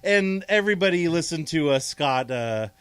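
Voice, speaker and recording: A man's voice: fairly high pitch, lively intonation, moderate pace, a bit bright, smooth, no echo. Wry man ribbing on sports radio. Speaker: radio show regular. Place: radio studio.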